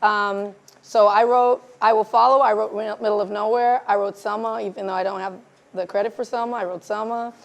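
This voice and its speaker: A woman's voice: medium pitch, a little fast, gravelly. A woman film director as interview guest, chatting casually on stage and acting out the dialogue in her stories. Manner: animated storyteller, acts out quoted dialogue. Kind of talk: casual onstage conversation. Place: live event before an audience.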